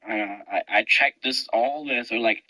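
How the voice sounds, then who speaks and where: A man's voice: mid-range voice, moderate pace, bright, forceful tone, rough recording. A man on voice chat while gaming, hesitant and stumbling over his words, sometimes mocking his friends. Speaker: gamer. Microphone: online voice chat mic.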